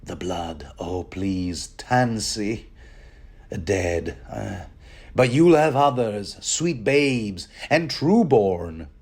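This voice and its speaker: A man voicing a dying, remorseful old lord in a low, faint murmur. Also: lively intonation, very slow, a little mellow, slightly rough, full character voice. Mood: pleading, delirious.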